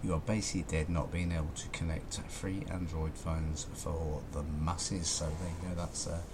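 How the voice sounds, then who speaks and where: A man's voice: a bass voice, little pitch movement, normal speed, very noisy. A man presenting a local radio show, chatting in a rambling, conversational way between records.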